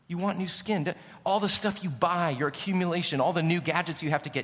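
A male pastor preaching a sermon, emphatic, swinging from loud declarations to hushed, intimate passages. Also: on the high side, brisk, few pauses. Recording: long hall reverb.

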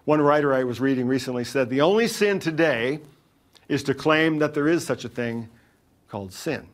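A middle-aged man preaching a sermon in an earnest way, with dramatic pauses and shifts between loud and quiet. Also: mid-range voice. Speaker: pastor.

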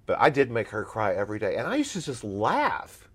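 A man's voice: a little high, a little fast, hardly any pauses. A man, a former talent agent, telling blunt, emphatic stories as an interview guest. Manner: emphatic, blunt, animated storyteller.

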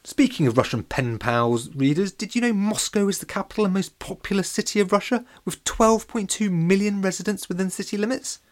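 A man's voice: sits high, brisk, few pauses. A man narrating a children's audiobook in a playful, jokey way. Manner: playful and jokey, with lively voices.

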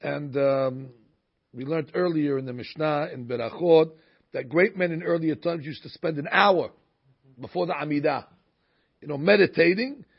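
In a muffled, lo-fi recording, a man leads a Torah lesson, weaving stories together with frequent Hebrew words. His voice runs on the high side, husky with vocal fry, at a moderate pace.

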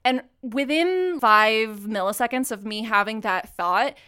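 Young woman, podcast host; slightly high, smooth voice; casual, filler-heavy, sweary storytelling. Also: measured pace, sharp tone. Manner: chatty, lots of "like" and swearing.

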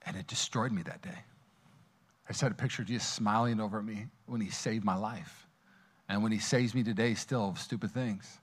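A man preaching a sermon, casual and storytelling, swinging between loud, high passages and quiet, intimate asides. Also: fairly even intonation, brisk, husky. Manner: casual, storytelling, many fillers and restarts. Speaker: pastor. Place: church auditorium.

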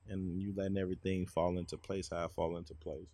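Gravelly low-voiced man speaking frankly. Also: little pitch movement, fast talker, dark tone, dry recording. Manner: frank, opinionated, explains his view at length. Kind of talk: casual conversation.

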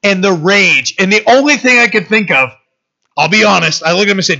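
Middle-aged man, pastor, conversational storytelling sermon, bright edge, muffled lo-fi sound. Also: sits high, moderate pace, creaky. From United States. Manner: informal storytelling sermon, loose and personal. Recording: dull lo-fi recording.

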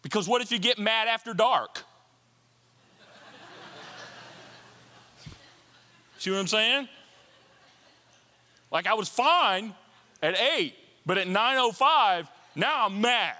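A man preaching a sermon as a pastor, animated and playful, with jokes and asides. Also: sits high, extremely slow, pauses often, a little hiss or hum. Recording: long hall reverb.

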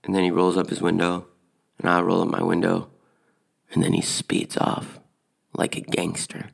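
A man casually recounting a personal anecdote in a relaxed, conversational way. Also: deep voice, moderate pace, creaky.

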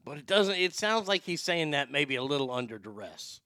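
A man's voice: on the high side, sing-song, fairly quick, sharp tone, dry recording, studio quality. A man giving loose, rambling commentary on a clip, with sighs and the odd curse. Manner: rambling, sighing, swearing. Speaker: streamer reacting to clips. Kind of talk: casual commentary.

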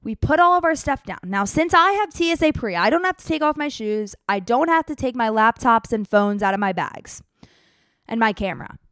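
An animated young woman with a higher voice tells a story in a breezy, exaggerated rush. The sound is close and dry, with no room around her. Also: normal speed, clean tone, no echo. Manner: animated, breathless, exaggerated, swears casually. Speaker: vlogger telling a travel story. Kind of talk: casual storytelling.

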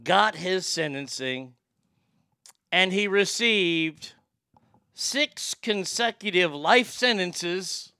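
High, gravelly, profane ranting man. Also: lively intonation, very slow, pushed and bright, dry recording, clean studio sound. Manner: profane, blunt, acts out quoted exchanges. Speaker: podcast host. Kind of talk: ranting commentary.

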